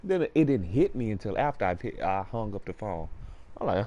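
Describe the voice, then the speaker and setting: Low-voiced young man telling a story. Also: brisk, a little hiss or hum. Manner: animated storyteller, acts out quoted voices. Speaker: guest telling a personal story. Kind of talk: casual storytelling.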